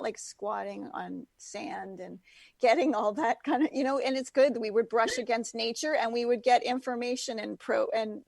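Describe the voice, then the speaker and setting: A woman's voice: fairly high pitch, vocal fry, no echo. A woman guest in a casual interview, chatty and full of fillers like "like" and "you know". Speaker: guest, natural products founder.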